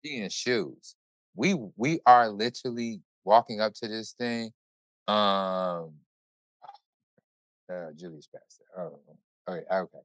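A man hosting a podcast, telling a story in casual chat with animated, profane, run-on delivery. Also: lowish voice, slow pace, long pauses, no room sound. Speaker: podcast host.

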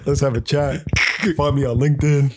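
A man's voice: mid-range voice, level tone, normal speed, background noise. A man hosting a podcast in casual chat, laid-back, laughing often and swearing casually. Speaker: podcast host.

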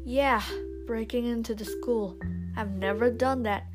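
A woman's voice: fairly high pitch, steady tone, unhurried, natural voice. A woman voicing a feisty young schoolgirl who speaks out boldly. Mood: spirited. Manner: cries out, spirited. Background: instrumental music.

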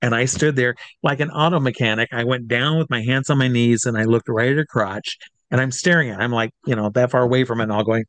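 A man's voice: medium pitch, fairly even intonation, quick pace, a bit bright, no room sound. Chatty man telling stage stories. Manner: chatty, with many fillers and restarts. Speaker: drag comedy entertainer as interview guest. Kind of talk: casual anecdotal storytelling.

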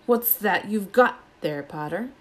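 A woman's voice: mid-range voice, animated, a little slow, close to an everyday voice. A woman reading aloud and voicing a stern, sneering male schoolteacher who snaps curt orders. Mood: cold, curt. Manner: curt and cold, snapping orders.

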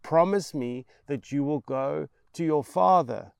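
A man's voice: on the high side, a little slow, gravelly, smooth, dry recording, clean studio sound, pitched above the performer's own voice. A man voicing a distraught mother who pleads and then screams frantically. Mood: pleading. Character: desperate distraught mother, breaking into shrieks.

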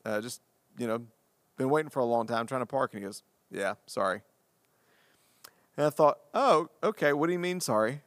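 A man who is a pastor and podcast co-host, telling a story in casual conversation, animated and self-deprecating as he acts out what people said. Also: medium pitch, moderate pace, pauses often, dry recording, clean studio sound.

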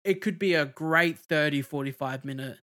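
Casual male podcaster, somewhat high-pitched, loose rambling delivery with fillers. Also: normal speed, sharp tone. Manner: rambling, many fillers and restarts. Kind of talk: casual movie review chat.

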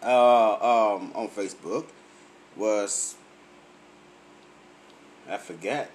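A tipsy man, laughing often, on a loud and profane comic rant to his camera. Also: medium pitch, wildly swooping pitch, very slow, long pauses. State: tipsy from drinking. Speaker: vlogger.

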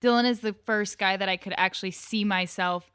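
A woman's voice: medium pitch, steady tone, brisk, a bit bright, clean tone, no room sound, clean studio sound. A young woman co-hosting a casual podcast, chatting about a TV episode in a loose, filler-heavy way and laughing easily. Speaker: podcast co-host. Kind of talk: casual chat recapping a TV episode.

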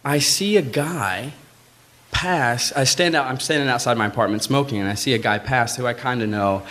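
A man telling a true personal story live on stage, in casual, swearing talk, acting out the voices of the people in it. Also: normal speed. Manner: animated, acts out quoted voices with big pitch jumps; swearing, conversational, frequent "like".

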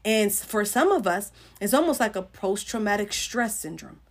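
A woman's voice: medium pitch, lively intonation, normal speed. A middle-aged woman giving an informal sermon on a livestream, talking earnestly and conversationally to viewers and greeting them by name. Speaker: Christian livestream host.

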